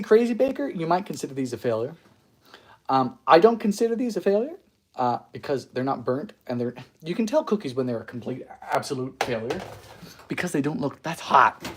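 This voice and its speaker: A man hosting a baking livestream in a home kitchen, chatting casually in a goofy, giggly way while reading out viewer comments. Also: a little high.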